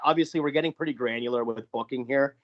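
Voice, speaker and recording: A man co-hosting a podcast, recounting a booked match in a halting way with frequent restarts. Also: medium pitch, highs cut off. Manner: halting, many restarts and fillers. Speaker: podcast co-host. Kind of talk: casual podcast chat, narrating fantasy wrestling booking.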